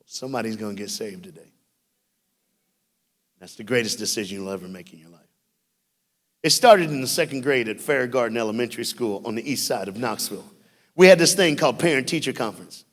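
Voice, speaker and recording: A man preaching in a church, telling stories with jokes and swinging from loud bursts to hushed asides. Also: medium pitch, fairly quick, long pauses. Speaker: youth speaker. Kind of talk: sermon. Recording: reverberant church hall.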